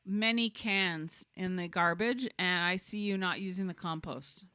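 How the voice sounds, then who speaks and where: A woman's voice: lowish voice, unhurried, pushed and bright, smooth, no room sound, studio quality. A woman co-hosting a podcast, bickering in casual chat, defensive and exasperated. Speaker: podcast co-host.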